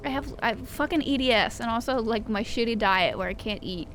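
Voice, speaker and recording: A woman's voice: fairly high pitch, lively intonation, brisk, a bit bright, slight background noise. A woman streaming a game, reading chat and chatting casually in a rambling, profane, self-mocking way. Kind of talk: casual chat while gaming.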